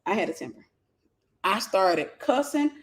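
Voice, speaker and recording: A woman host telling a personal story, animated and repeating phrases for emphasis. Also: medium pitch, measured pace.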